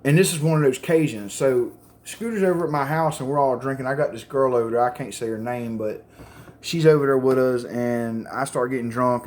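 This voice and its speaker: A man's voice: mid-range voice, darkish tone. A man telling a crude, rambling story to camera in casual, profane chat. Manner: rambling, crude, full of fillers.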